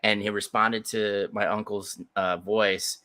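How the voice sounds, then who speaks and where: A man co-hosting a podcast, telling a story in casual chat, animated and laughing, acting out voices as he goes. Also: on the low side, measured pace. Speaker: podcast co-host.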